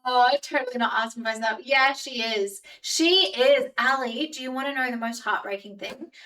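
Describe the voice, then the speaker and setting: A young woman with a blended Australian and New Zealand accent talks with her stream chat in a bright, slightly high voice. She rambles and laughs, filling gaps with lots of "um" and "like". Her voice sits a little back from the mic. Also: normal speed, recorded from a distance, low-quality recording. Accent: Australian and New Zealand mix. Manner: chatty, rambling, frequent fillers and laughs. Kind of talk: casual live-stream chat with viewers.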